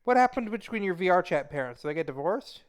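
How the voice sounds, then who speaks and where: Male talk show host, slightly high and smooth-voiced, teasing, playfully rude. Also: expressive, fast. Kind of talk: casual interview in VR.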